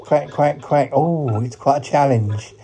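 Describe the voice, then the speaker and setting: A man's voice: medium pitch, measured pace, vocal fry, warm tone. Man voicing a quacking talking duck. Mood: eager. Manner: says quack, quack, quack after his sentences. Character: cheerful polite male talking duck. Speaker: podcast character.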